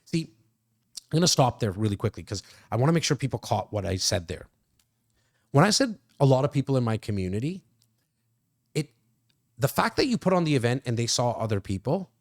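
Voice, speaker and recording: Guy coaching sales calls, punchy and casual, middle pitch, talks slangy. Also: fairly quick. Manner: emphatic, casual slang, energetic. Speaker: real estate coach. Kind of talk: coaching talk, role-playing sales calls.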